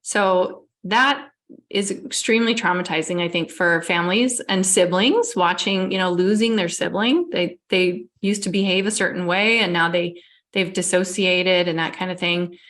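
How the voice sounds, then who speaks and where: A woman, an interview guest and a mother, explaining things in quick run-on lists during a casual chat. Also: lowish voice, fairly bright tone.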